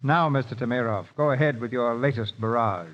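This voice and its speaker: A man's voice: medium pitch, fairly quick. A man hosting a 1930s radio show with a dry, wry manner. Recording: dull lo-fi 1930s radio broadcast.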